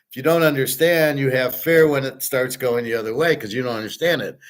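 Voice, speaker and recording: A man's voice: medium pitch, rough recording. A middle-aged man hosting a rambling casual monologue, telling stories with quoted back-and-forth dialogue. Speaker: host.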